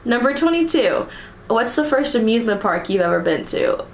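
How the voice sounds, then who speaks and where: A woman's voice: medium pitch, lively intonation, unhurried, roomy sound, a little hiss or hum. A young American woman vlogger chatting casually through a list of questions, giggling often and filling with ums and likes. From United States. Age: young adult. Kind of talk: casual chat reading tag questions.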